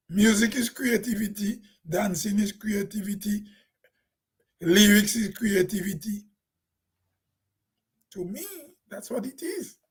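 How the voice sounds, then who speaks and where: A man's voice: high-pitched, breathy edge, poor audio. A Grenadian man talking plainly in a casual, rambling vlog monologue, laughing to himself now and then. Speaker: vlogger.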